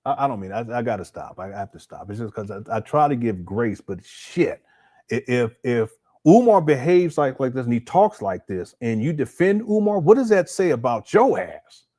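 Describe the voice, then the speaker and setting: A man's voice: medium pitch, big pitch swings, normal speed, warm tone. A man hosting a casual video commentary, exasperated and incredulous, swearing casually. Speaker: commentary channel host.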